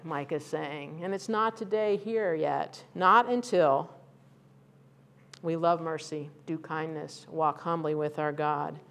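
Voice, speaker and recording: A woman's voice: sits low, fairly bright tone. A middle-aged woman pastor preaching a conversational, candid sermon that rises to fervent emphasis.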